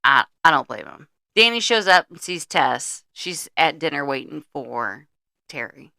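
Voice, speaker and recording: A woman's voice: low-pitched, sing-song, unhurried, gravelly, sharp tone, dry recording, studio quality. A middle-aged woman co-hosting a podcast, recapping a movie's plot in blunt casual chat and swearing freely. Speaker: podcast co-host.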